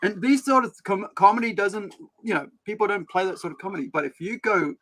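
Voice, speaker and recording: A man's voice: high-pitched, fairly quick, a bit bright. A man with a New Zealand accent hosting a livestream, rambling and slangy in casual chat. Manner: rambling, slangy, laid-back. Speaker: livestream host.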